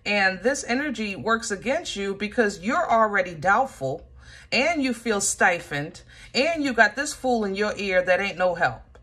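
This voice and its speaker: A woman giving a casual tarot reading, animated and joking, talking straight to the listener with lots of fillers. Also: mid-range voice, measured pace, breathy edge. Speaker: tarot reader.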